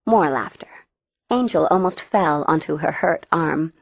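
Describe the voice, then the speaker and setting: A woman's voice: low voice, measured pace, gravelly, slightly rough, no echo, highs cut off. A woman narrating a first-person audiobook in a wry, conversational way.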